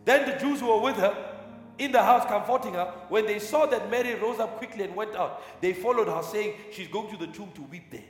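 A man with a high voice delivers a fervent sermon, repeating key lines and slipping into tongues. His voice rings through a large room with a long, echoing reverb. Faint music plays underneath. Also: brisk. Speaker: preacher. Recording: echoey hall with long reverb.

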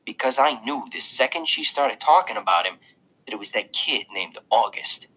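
Male audiobook reader, casual and confiding, lively delivery with a bright, slightly husky tone. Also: mid-range voice, normal speed, poor audio. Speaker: audiobook narrator. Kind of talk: first-person audiobook narration.

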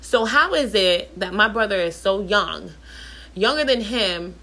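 Woman, thirties, casual storytime rant, blunt, profane, animated, at home. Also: mid-range voice, measured pace. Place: at home, in the bathroom.

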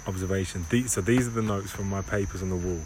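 A man hosting a solo podcast, talking in a rambling, halting monologue and often correcting himself. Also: deep voice, fairly even intonation. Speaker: podcast host. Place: home in Barbados. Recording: home recording with clear background noise.

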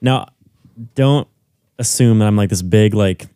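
A man's voice: lowish voice, unhurried, mellow, smooth, no room sound. A young man co-hosting a podcast, laid back and hesitant, with lots of fillers. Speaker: podcast co-host. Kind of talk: casual chat.

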